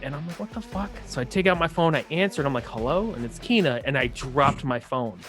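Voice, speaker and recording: Young guy, casual podcast storyteller, swears a lot, pitch jumps around, faint music under him. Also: fast talker. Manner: animated, swearing, acts out voices with big pitch jumps. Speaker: podcast co-host.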